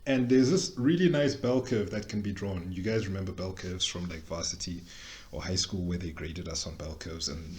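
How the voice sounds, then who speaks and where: A young adult man, presenting a workshop in a casual, joking way with quick tangents. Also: low-pitched, a little mellow, slight background noise. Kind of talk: casual explanatory talk.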